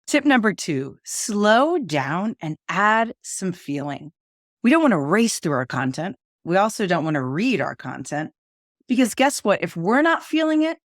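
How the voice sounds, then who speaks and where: Expressive woman coaching speakers, dry sound. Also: lowish voice, no echo. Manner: expressive, demonstrates delivery with pauses and emphasis. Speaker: communication coach. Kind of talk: instructional presentation tips.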